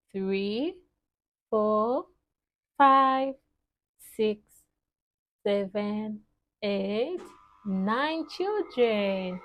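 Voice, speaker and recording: A woman teaching toddlers, speaking in a slow, sing-song, exaggerated way. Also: sits high. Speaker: children's teacher. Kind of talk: toddler lesson.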